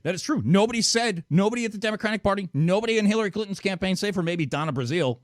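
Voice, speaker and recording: A man's voice: on the high side, dry recording, studio quality. A man hosting a call-in talk show, ranting sarcastically and swearing constantly. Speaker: radio show host. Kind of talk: profane call-in show rant.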